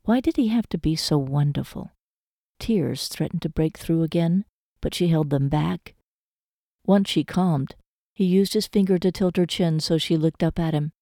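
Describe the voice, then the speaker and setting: A woman narrating a romance novel audiobook in a measured, emotive storytelling manner. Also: sits low, dark tone, dry recording, clean studio sound.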